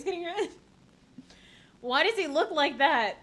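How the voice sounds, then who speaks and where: A young woman streaming a game playthrough, reacting with laughter, swearing, and excitable commentary. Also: high voice, a little slow.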